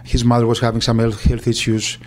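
A man with a Greek accent recalling events in an interview, halting speech with many fillers and restarts. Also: medium pitch, completely flat delivery, darkish tone, slight background noise. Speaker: agent. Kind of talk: interview recollection.

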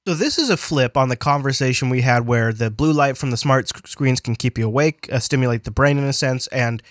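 Nursing a cold that's straining his voice to the point of losing it, this man hosts a casual science podcast. His mid-range voice moves fairly quickly, and the recording is dry with a clean studio sound. He rambles, corrects himself, and drops playful asides.

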